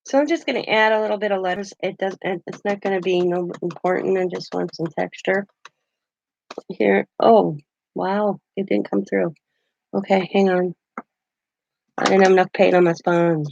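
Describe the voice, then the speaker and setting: Grandma craft vlogger, gravelly, chatty, lo-fi dull audio. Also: female voice, medium pitch, steady tone, normal speed, darkish tone, a little hiss or hum. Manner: chatty, laughs often, greets viewers. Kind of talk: casual chat while crafting.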